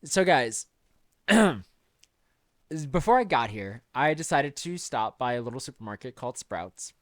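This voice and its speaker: A young man hosting a podcast, telling a story in a relaxed, casual way with quiet asides. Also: medium pitch, unhurried, no echo. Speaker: podcast host.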